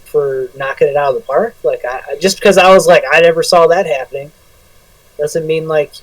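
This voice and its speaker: A man co-hosting a casual podcast, joking around and cursing freely. His voice sits a little high and sounds set back from the microphone in a dead, dry room. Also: fairly quick, no room sound, distant mic, rough recording. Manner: joking, swears a lot. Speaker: podcast co-host. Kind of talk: casual banter.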